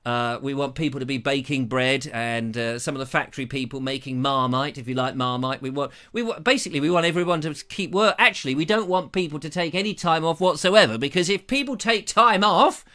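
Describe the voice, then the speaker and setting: A man's voice: a little high, fairly quick, hardly any pauses, bright, forceful tone. A man hosting a live stream with jokey, rambling chat and playful asides. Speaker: host.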